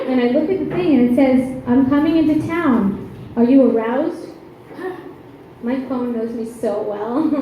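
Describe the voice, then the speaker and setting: A woman in her thirties from New York doing a stand-up comedy set, brash and chatty, with quick asides and laughs. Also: fairly high pitch, noisy background. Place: comedy club. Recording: echoey club, slightly muffled.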